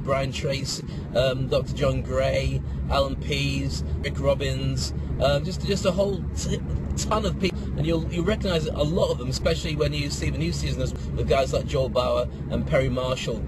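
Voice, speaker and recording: A man with a northern English accent hosting a rambling, self-deprecating live podcast from his phone while driving. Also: on the high side. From north of England. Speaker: podcast host. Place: inside a car in city traffic. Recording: loud traffic and road noise.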